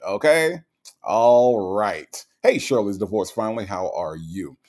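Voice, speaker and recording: A man's voice: on the low side, measured pace. A man hosting an online commentary show, talking casually and sarcastically to his viewers with lots of asides. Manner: animated and sarcastic, with frequent fillers and asides. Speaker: host of a commentary channel.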